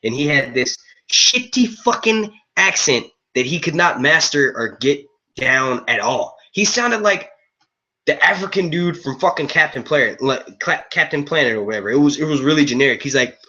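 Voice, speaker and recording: A man's voice: medium pitch, lively intonation, moderate pace, sharp tone. A man hosting a live review stream, rambling casually to his chat and swearing freely, on dull lo-fi stream audio. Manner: rambling, profane, casual, says "yo" a lot. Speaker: host of a movie and TV review stream.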